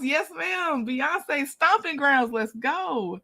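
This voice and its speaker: A woman hosting a casual livestream, greeting viewers by name, lively and quick to laugh. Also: high voice. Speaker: livestream host.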